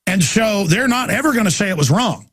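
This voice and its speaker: A man hosting a talk show, delivering an impassioned political monologue, rapid and emphatic, often repeating and restarting words. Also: high voice, animated, fairly bright tone, slightly rough.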